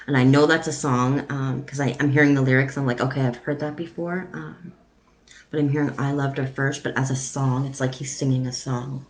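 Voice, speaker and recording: A woman psychic medium giving a live-streamed reading in a soft, halting delivery with frequent pauses and ums. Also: rumbling low, fairly even intonation, a little hiss or hum, poor audio.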